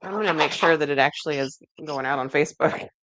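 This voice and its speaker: A woman's voice: deep voice, quick pace, a bit bright, dry recording. Brief: woman co-host, casual kitchen banter, giggly, close and dry. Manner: chatty, giggly, teasing. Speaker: cooking show co-host. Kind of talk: casual livestream cooking chat.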